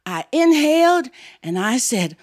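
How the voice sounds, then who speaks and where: Slow, singing woman storyteller. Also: sits high, very animated. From Ohio, USA. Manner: slow, drawn-out telling that breaks into song and leads the audience. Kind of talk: live storytelling with sung call-and-response. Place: small studio with a live audience.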